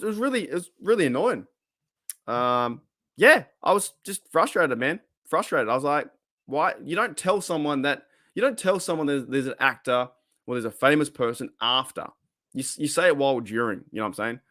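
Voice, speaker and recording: A man with an Australian accent hosting a casual live stream, rambling and excitable as he reacts to chat. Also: medium pitch, normal speed, dry recording, studio quality. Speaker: livestream host.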